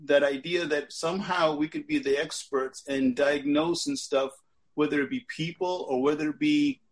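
An American man talking casually as a guest in an online book club, animated and joking, speaking over a video call. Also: a little high, moderate pace, breathy edge. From United States. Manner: animated and joking, breaks into laughter. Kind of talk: casual discussion.

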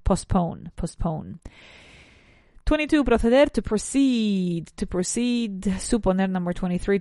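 Lady teaching english words, chatty, kinda low voice, dry close sound. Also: mellow, no room sound. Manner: switches between English and Spanish, self-correcting, chatty asides. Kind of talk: bilingual lesson, teaching English vocabulary to Spanish speakers.

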